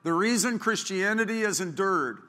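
A man's voice: sits high, expressive, moderate pace. A male pastor preaching a sermon, telling stories and acting out the people he quotes. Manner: storytelling, acts out quoted people, grows louder and more fervent. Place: church sanctuary. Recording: long hall reverb.

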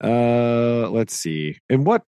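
A man's voice: mid-range voice, very animated, slow, warm tone, smooth, no echo. A man co-hosting a casual podcast chat, playful and full of mock-dramatic groans. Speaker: podcast co-host.

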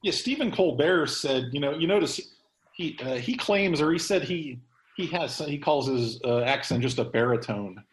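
A man's voice: fairly high pitch, lively intonation, normal speed, reverberant, low-quality recording. A man hosting a casual podcast chat, rambling along with many ums and restarts. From Texas. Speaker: host.

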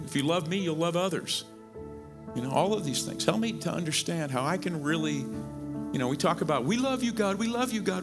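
In a church sanctuary, this middle-aged Missouri pastor delivers his sermon in a conversational style, leaning on repeated words and sudden rises in pitch for emphasis.

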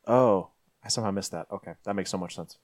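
Fast-talking low-voiced podcast co-host. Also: male voice, dry recording, clean studio sound. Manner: quick interjections and questions. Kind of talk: casual podcast chat.

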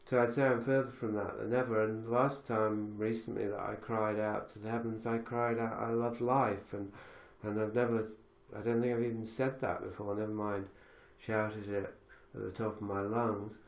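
A man's voice: lowish voice, little pitch movement, normal speed, gravelly, few pauses, roomy sound. A man hosting a podcast conversation, reflective and thinking aloud with many fillers and restarts. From lives in Galicia. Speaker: podcast host.

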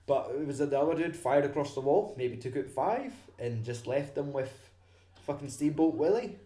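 A young man chatting casually about a film, sweary and animated. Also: a little high, normal speed. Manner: sweary, animated, acts out scenes. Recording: echoey room.

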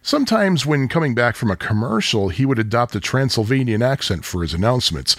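Husky, chatty podcast host from Chicago. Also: male voice, medium pitch, big pitch swings, brisk, a bit bright, dry recording, studio quality. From Chicago area. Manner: chatty, self-deprecating, nostalgic. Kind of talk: casual storytelling monologue.

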